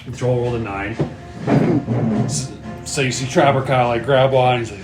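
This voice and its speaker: A man's voice: medium pitch, normal speed, long pauses. A man running a tabletop game as game master, describing the scene loosely with lots of fillers and frequent laughs. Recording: echoey room with music behind.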